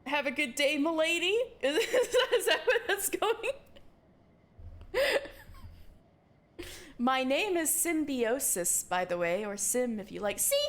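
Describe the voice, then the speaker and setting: A high-pitched woman streaming a game live. She reads the text aloud, giggly and excitable, and breaks off to react as she plays. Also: slow pace, long pauses.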